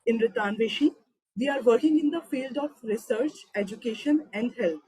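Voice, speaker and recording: A woman's voice: fairly high pitch, normal speed, darkish tone, slightly rough, no room sound, poor audio. A woman hosting an online session, formally introducing the guest teacher. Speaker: host.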